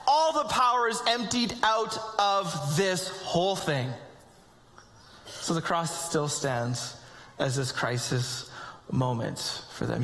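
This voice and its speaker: A man preaching a sermon to his congregation, animated and conversational, with joking asides. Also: high-pitched. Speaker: pastor. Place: church sanctuary with congregation. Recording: long hall reverb.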